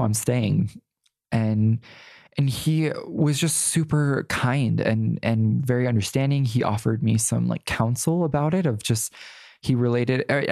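A man's voice: mid-range voice, gravelly, a little mellow, no echo, clean studio sound. A young man, a guest in an interview, telling a personal story in a chatty way, full of "like" fillers and sassy asides.

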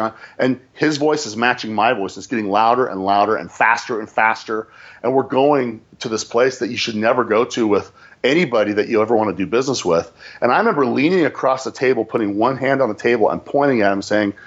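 Husky-voiced male sales manager, low register, animated storyteller. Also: brisk, muffled recording. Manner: animated, emphatic, repeats phrases for effect. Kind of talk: casual storytelling on a podcast.

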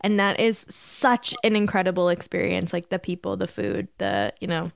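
A woman from British Columbia chats and tells stories in an upbeat way. Her pitch is middling. She is recorded close and dry, with no room echo. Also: fairly even intonation, moderate pace, vocal fry. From British Columbia, Canada. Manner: chatty, storytelling, upbeat. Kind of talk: casual chat.

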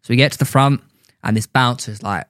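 A man's voice: mid-range voice, brisk, dry recording, clean studio sound. A young English man telling a story in casual chat, acting out what others said. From England. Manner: animated storyteller, acts out quotes. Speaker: guest.

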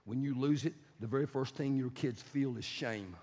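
A man preaching, telling a story dramatically and swinging from loud to hushed, in a raspy, gravelly voice. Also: medium pitch, moderate pace. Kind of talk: sermon storytelling. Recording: reverberant hall.

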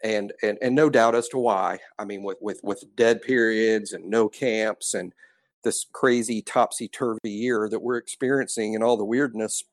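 A man's voice: on the low side, fairly even intonation, moderate pace, no room sound, clean studio sound. A man co-hosting a casual sports podcast, explaining his points in a conversational way and stressing the key facts. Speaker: podcast co-host.

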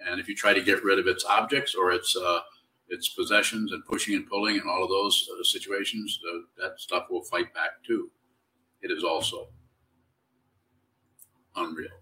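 A man giving a slow, halting, reflective dharma talk as a Zen teacher, in a slightly whiny tone. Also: low voice, steady tone, sharp tone. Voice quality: self-described whiny tone. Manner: slow, halting, reflective delivery with many restarts. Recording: distant mic.

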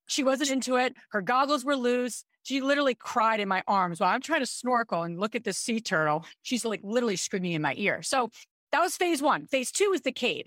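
A woman in her thirties, a podcast co-host, telling a personal story in an animated, chatty way. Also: mid-range voice, no room sound, studio quality. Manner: animated, chatty, with frequent "like" and "I'm like". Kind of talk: casual storytelling chat.

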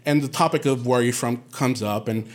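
A man from Puerto Rico telling a personal story on stage, animated and quoting others in lively bursts. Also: mid-range voice, a little fast. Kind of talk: live storytelling.

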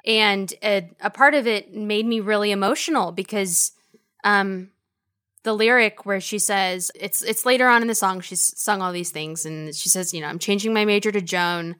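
Bright, enthusiastic woman podcast guest. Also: mid-range voice, normal speed, clear, resonant tone. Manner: enthusiastic, talks in long excited runs. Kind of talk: casual chat.

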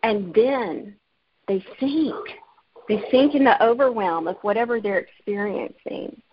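An author from Alabama, a woman with a medium-pitched, slightly rough voice, tells her story unhurriedly and earnestly as an interview guest, laughing easily. The remote audio is muffled and lo-fi.

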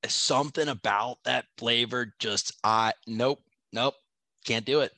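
A playful man riffs and jokes with his co-host on a podcast, his voice at an everyday middle pitch. The recording is dry and close, with no room sound. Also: a little slow, bright, forceful tone, dry recording. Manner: jokey, playful, bro-ish banter. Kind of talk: casual chat.

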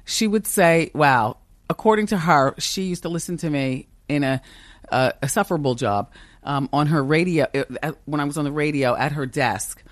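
Recorded with studio quality and no echo, this middle-aged woman chats casually as a podcast guest, though she normally hosts a talk show. Her voice sits low and moves at a moderate pace, sounding strong and confident, and she laughs often.

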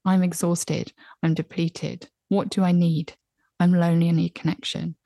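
A woman in her thirties, a podcast guest giving candid, reflective advice, animated when she recounts her own moments. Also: fairly low pitch, moderate pace, gravelly, no room sound, clean studio sound.

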